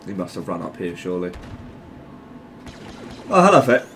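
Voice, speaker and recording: A man giving casual gameplay commentary, excitable and jokey, swearing often. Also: deep voice, normal speed, background noise. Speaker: gamer.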